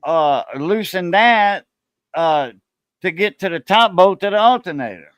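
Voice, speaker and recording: A man's voice: high-pitched, expressive, measured pace, fairly bright tone, clear, resonant tone, no echo. A man hosting a casual, rambling chat about car repair in a folksy, salty way. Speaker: channel host.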